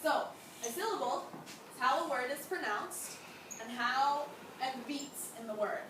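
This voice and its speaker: Woman teacher, high voice, encouraging, asks lots of questions, echoey classroom heard from far off, background noise. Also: expressive, measured pace. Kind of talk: classroom lesson.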